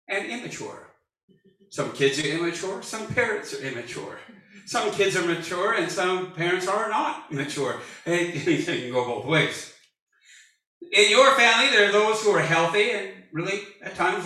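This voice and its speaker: A man in his early sixties preaching with a high, ringing, very bright voice. He jokes and builds to shouts, and he sounds set back from the mic in a reverberant church hall. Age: 60s. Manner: animated, jokey preaching with rising shouts. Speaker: pastor. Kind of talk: sermon. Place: church sanctuary. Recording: echoey church hall from far off.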